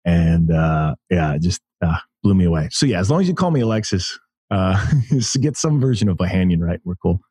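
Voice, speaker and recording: A man's voice: low-pitched, expressive, brisk, mellow, breathy edge, no echo, studio quality. A man in his thirties from the United States, telling stories as a guest in a casual interview, enthusiastic and full of restarts. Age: 30s. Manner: storytelling, enthusiastic, many restarts. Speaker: podcast guest.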